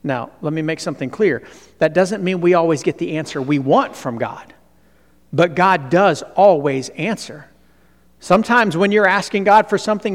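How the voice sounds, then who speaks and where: A man preaching a sermon to a room of listeners, animated and asking questions, then dropping to a hush. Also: a little high, normal speed. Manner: asks the audience questions. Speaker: pastor. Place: hall with an audience. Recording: long hall reverb.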